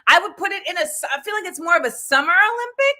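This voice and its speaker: High bright-voiced woman game show host. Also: animated, fast. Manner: loud, hyped, slangy. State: out of breath. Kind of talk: playful game show hosting.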